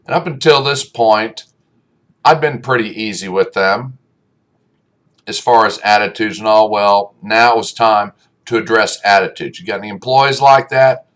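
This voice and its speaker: A man's voice: on the low side, normal speed, fairly bright tone. A man giving a humorous motivational talk, telling a coaching story in a blunt, folksy, emphatic way. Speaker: speaker, former youth baseball coach.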